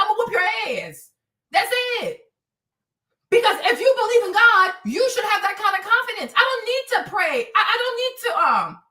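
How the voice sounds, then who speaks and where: Woman livestreamer, very high bright voice, emphatic and repetitive, roomy sound from a distance. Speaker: livestream host. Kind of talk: preachy casual livestream talk.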